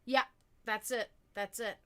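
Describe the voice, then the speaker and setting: A woman with a somewhat high, bright, tense voice hosting a casual livestream. She talks straight to her viewers in loose, rambling stretches full of fillers and restarts. Now and then she drops a casual swear word. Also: steady tone, a little slow. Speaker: livestream host. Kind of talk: casual chat with stream viewers.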